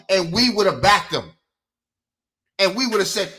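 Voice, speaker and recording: A middle-aged man hosting a live boxing podcast, ranting with fiery, profane outbursts that drop into low mutters. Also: big pitch swings, a little slow, a bit bright. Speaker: podcast host. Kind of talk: live-stream boxing rant.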